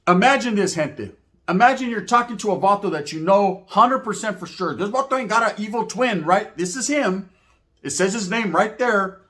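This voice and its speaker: Slangy, animated man telling a story. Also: sits high. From Merced, California. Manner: slangy, animated, acts out quotes in voices. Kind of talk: casual storytelling.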